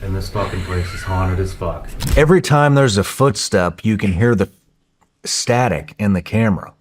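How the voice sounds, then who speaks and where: A man telling a story in a podcast interview in a casual, profane, excitable way, often restarting his sentences. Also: sits low, normal speed.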